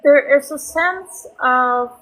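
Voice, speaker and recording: A woman psychic medium giving a live reading to a sitter, speaking softly and reassuringly with frequent ums. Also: sits high, slow pace, low-quality recording.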